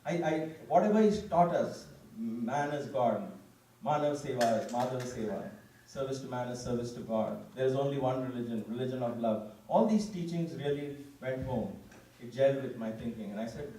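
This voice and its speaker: A man, giving an animated personal testimony to a gathering and often quoting himself. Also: mid-range voice, moderate pace. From India. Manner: animated storytelling, quoting himself, frequent restarts. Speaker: speaker at a devotional gathering. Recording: echoey hall from far off, faint room noise.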